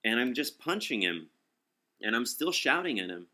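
Telling a story in casual conversation, a young man speaks at a medium pitch and moderate pace. He's animated, acting out quotes and swearing freely, his voice bright and tense.

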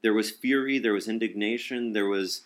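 A young man telling a story in casual talk, animated, acting out what people said and swearing freely. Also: lowish voice, moderate pace.

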